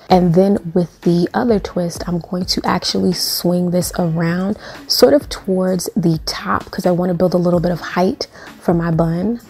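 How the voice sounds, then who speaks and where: A woman's voice: lowish voice, mellow, a little hiss or hum. A young woman talking through a hair tutorial in a sassy, playful, chatty way. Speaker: beauty vlogger.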